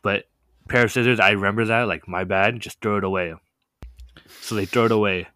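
A young man telling a story in a casual chat, animated and full of fillers. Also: lowish voice, brisk, dry recording, studio quality. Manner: animated, many "like" fillers, laughs often. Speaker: podcast guest telling a story.

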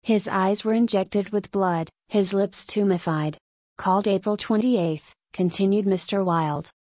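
A woman narrating an audiobook in a steady, measured reading voice. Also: mid-range voice, no echo.

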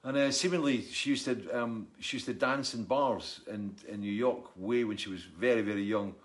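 This middle-aged musician hosts a live stream at a moderate pace, his voice a bit low. He chats casually, reads out viewer comments and rambles through stories with plenty of jokes.

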